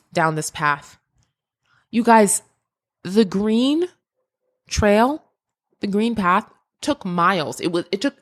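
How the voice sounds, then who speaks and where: A woman's voice: medium pitch, fairly bright tone. A woman hosting a podcast, telling a personal story in a casual, emotional way, with frequent laughs and restarts. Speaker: podcast host.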